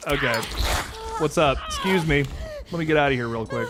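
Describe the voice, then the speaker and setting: A man streaming a horror game live, reacting with jumpy, swearing exclamations and then signing off quietly. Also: on the high side, moderate pace, background noise. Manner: quiet, relaxed sign-off. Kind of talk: live gameplay commentary.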